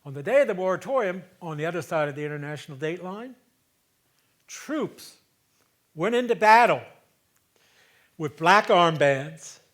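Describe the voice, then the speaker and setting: Man in his 70s, solo stage monologue, slightly high voice, conversational, loud then hushed. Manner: conversational, swings between loud emphasis and hushed asides. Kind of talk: theatrical storytelling monologue. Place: theater stage.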